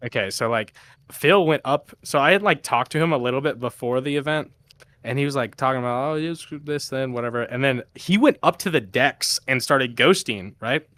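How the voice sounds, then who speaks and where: A young man telling stories in casual chat. He swears a lot and acts out quoted people in a much higher voice. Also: lively intonation, normal speed, a bit bright. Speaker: podcast guest, VR DJ.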